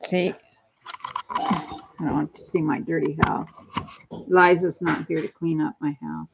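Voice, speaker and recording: Gravelly woman in her sixties rambling on a live stream. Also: deep voice, level tone, measured pace, pauses often, slight background noise. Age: 60s. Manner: chatty and rambling, jumps between topics. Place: her home. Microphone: phone. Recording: dull lo-fi phone audio.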